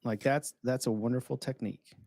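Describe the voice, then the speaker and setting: A man's voice: medium pitch, steady tone, a little fast, a little mellow, no room sound. A man on a casual podcast chat, explaining ideas reflectively and voicing an inner critic. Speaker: podcast co-host.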